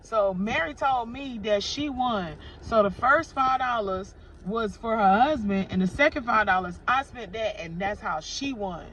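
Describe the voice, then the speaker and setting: A woman's voice: fairly high pitch, expressive, normal speed, fairly bright tone. A woman ranting animatedly to camera in a casual storytime vlog, swearing freely as she talks. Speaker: vlogger. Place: indoors, filming herself. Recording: slightly dull lo-fi audio with clear background noise.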